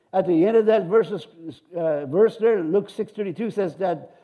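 A middle-aged man preaching a sermon, animated, shouting amens and cheers and slipping in joking asides. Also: high voice, lo-fi sound. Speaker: pastor.

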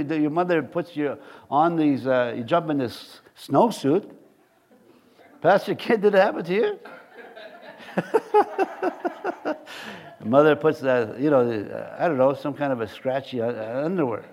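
A man's voice: a little high, sing-song, measured pace, pauses often, a little mellow. A middle-aged man, preaching a conversational sermon to a congregation in a church. He rambles and jokes, often laughing at his own stories.

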